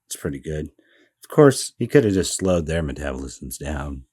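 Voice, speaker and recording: A man with a very deep, dark voice talks comics with a co-host. The sound is dry and close, with no room around it. His sarcasm is deadpan and easy to miss. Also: moderate pace, slightly rough, dry recording. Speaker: podcast co-host. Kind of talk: casual chat about comics.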